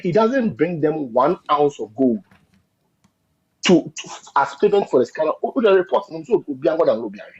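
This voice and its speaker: A man's voice: fairly high pitch, very animated, a little fast, a little mellow, breathy edge. A man with a Ghanaian accent, commenting on politics in an emphatic, repetitive way and slipping into Twi phrases. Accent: Ghanaian English. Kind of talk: heated political discussion. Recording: dull lo-fi audio.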